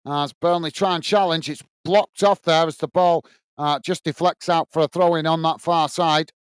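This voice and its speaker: A man's voice: on the high side, steady tone, moderate pace, smooth, dry recording. A man with a Lancashire accent hosting a live football watch-along, giving running play-by-play and reading viewer comments aloud in a friendly, matey way. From England.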